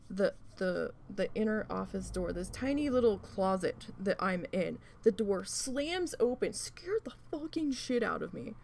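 A woman chatting through a long work story while crafting, rambling and swearing, with plenty of fillers and quick bursts of acted-out dialogue. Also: mid-range voice, vocal fry, a little mellow. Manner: rambling, profane, with many fillers; acts out quoted voices in bursts. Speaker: craft vlogger.

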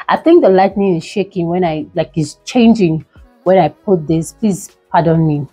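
A young Nigerian woman gushes through a product review vlog, dramatic and full of repeated pleas. Her voice is mellow and a little breathy, with faint music playing underneath. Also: on the low side, rough recording. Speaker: beauty vlogger. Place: indoors by a window.

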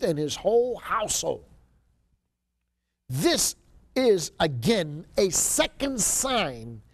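A male Bible teacher lectures a class in a fairly high voice, reading verses aloud and pressing his points home. He repeats key phrases and keeps asking the room whether they see it. The sound is dry and close, with no room echo. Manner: emphatic, asks the class rhetorical questions, repeats key phrases. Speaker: seminary lecturer.

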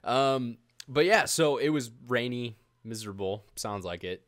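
A man with an ordinary mid-range voice, hosting a loose podcast conversation. He keeps it relaxed, laughs easily, and chips in with short reactions while the others tell stories. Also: mid-range voice, measured pace. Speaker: podcast host. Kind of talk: casual chat.

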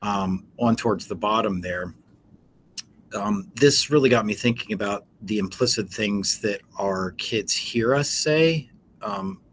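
A man with a fairly low voice talks through a lesson in a relaxed, explanatory way. He fills pauses with frequent ums. A faint background noise sits under his voice. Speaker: educator. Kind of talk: informal teaching talk.

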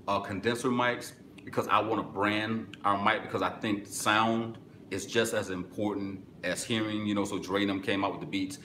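Man, low voice, casual live-stream host, excitable bursts, echoey room, faint hiss. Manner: excitable bursts, then drops low and relaxed. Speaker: webinar host answering live chat.

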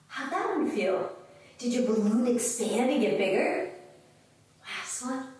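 A woman's voice: on the high side, lively intonation, very slow, long pauses. A woman leading a children's yoga lesson in a playful, sing-song way, making animal sounds along with the kids. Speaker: kids' yoga teacher. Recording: echoey room, voice from a distance, faint noise.

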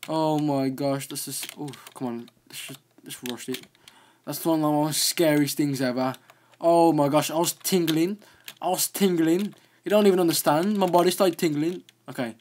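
A young man narrating his own video game run in casual commentary, excitable and quick to exclaim. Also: fairly high pitch. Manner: excitable, easily startled, exclaims often. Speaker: gaming video host.

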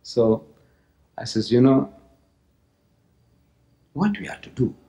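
A man from South Africa giving an animated religious lecture to an audience, full of mocking asides and repeated phrases. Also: mid-range voice, takes it slowly. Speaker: public lecturer. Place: lecture hall. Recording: roomy lecture hall recording.

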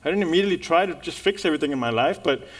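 Animated man preaching a sermon. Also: on the high side, racing. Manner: animated storytelling with call-outs to the congregation. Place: church in front of a congregation.

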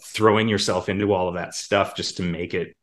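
A man, a voice actor, chatting casually in an interview and now and then slipping into quick character voices. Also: low-pitched. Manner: relaxed, demonstrates character voices in passing. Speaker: voice actor guest.

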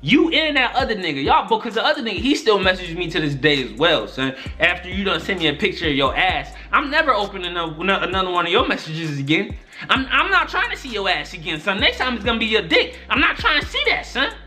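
Animated, exasperated young man telling a story. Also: high-pitched, fast talker, faint music behind. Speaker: YouTuber. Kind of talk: story time vlog.

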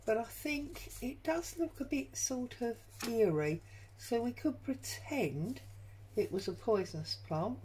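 A woman's voice: on the high side, very animated, a little slow, mellow, slight background noise, poor audio. A woman hosting a crafting tutorial from her home craft room, chatting and thinking aloud as she works. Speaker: junk journal crafter and channel host.

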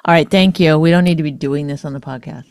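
A woman's voice: sits low, fast talker, a little mellow, no room sound. A woman with a Canadian accent co-hosting a podcast in casual chat, pressing her point with pointed, probing questions. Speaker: podcast co-host.

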